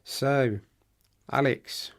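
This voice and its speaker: A man co-hosting a casual podcast, chatty and rambling, his voice going hoarse. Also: medium pitch, steady tone, drawn-out words. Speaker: podcast co-host.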